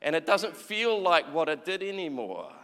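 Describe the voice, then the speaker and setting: A man preaches a chatty sermon in a large hall with long reverb, frequently acting out quoted voices and repeating words. His slightly high voice is very animated, pushed, and bright, at a normal speed.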